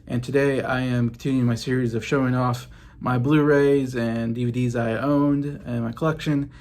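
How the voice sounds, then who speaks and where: A man in his late thirties hosts a casual YouTube vlog from his home basement, chatting and meandering while showing off his movie collection. His mid-range voice is a little mellow, delivered flatly at a moderate pace.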